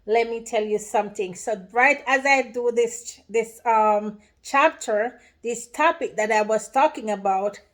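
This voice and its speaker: A woman talks straight to her viewers in a casual vlog, her voice sitting a little high. She tells her story with lively, emotional energy, leaning into phrases like "let me tell you" as she builds it up. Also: unhurried, few pauses. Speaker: vlogger.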